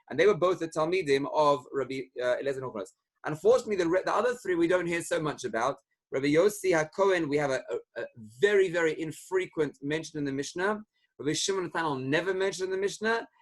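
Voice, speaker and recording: Middle aged rabbi teaching torah, fairly high voice, explains things then tells the story, perks up when he quotes people. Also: fairly bright tone. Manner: explanatory, retells stories and lifts his voice for quoted speakers.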